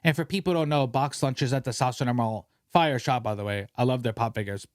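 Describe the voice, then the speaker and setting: A young man hosting a casual podcast, ranting in an animated way and swearing freely. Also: medium pitch, fast talker, dry recording, clean studio sound. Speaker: podcast host.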